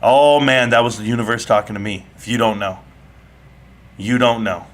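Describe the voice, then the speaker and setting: A man with a fairly low voice, speaking at normal speed, hosts a live online audio chat. In a heated but casual debate he argues brashly and animatedly, mocking and teasing his caller.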